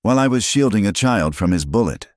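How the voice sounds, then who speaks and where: A man putting on the voice of a stern frontier schoolteacher woman, steady and accusing. The voice is deep and dry, with a measured, cold edge in a storybook western. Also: dry recording, close to an everyday voice.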